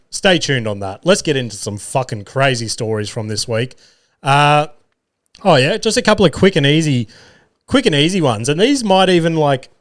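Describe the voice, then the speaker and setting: An Australian man tells stories on his own podcast, swearing freely and poking fun at himself with lively energy. His voice sits at an ordinary middle pitch for a man. The sound is close and dry, with almost no room around it. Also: no room sound. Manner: profane, animated, self-mocking. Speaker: podcast host. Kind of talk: casual storytelling monologue. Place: single-car garage studio. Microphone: studio mic.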